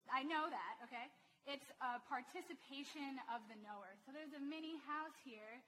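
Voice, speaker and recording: A woman's voice: high-pitched, poor audio. A woman preaching a sermon to a congregation, speaking in a conversational way and often putting questions to the listeners. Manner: animated, conversational, asks the audience questions. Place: church hall with a congregation.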